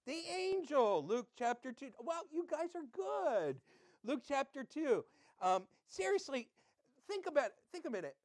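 A man's voice: very high-pitched, sing-song, measured pace, no echo, studio quality. A man pastor giving a conversational sermon, quizzing his listeners and chatting with them between readings.

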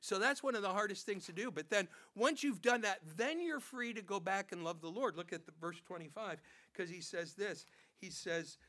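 A male pastor delivering a sermon with a notably high voice. He preaches in an animated way, slipping into little voices for the people he quotes and repeating words as he drives his points home. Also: moderate pace, hardly any pauses.

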